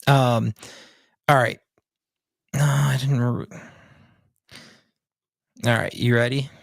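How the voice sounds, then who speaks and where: A man's voice: medium pitch, fairly even intonation, slow, vocal fry, no echo, clean studio sound. A man co-hosting a podcast in easygoing, self-deprecating casual chat. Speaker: podcast co-host.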